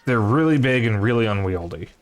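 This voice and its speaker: A man's voice: lowish voice, expressive, a little fast. A man streaming a video game, chatting casually in a rambling, offhand way. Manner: rambling, offhand, self-deprecating.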